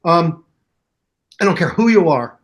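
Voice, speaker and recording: An older man chats as an interview guest, spinning animated stories about teaching bass. His voice sits a little high for a man, and he breaks into scatted bass lines to demonstrate. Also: measured pace. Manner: animated storyteller who scats bass lines aloud. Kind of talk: casual storytelling interview.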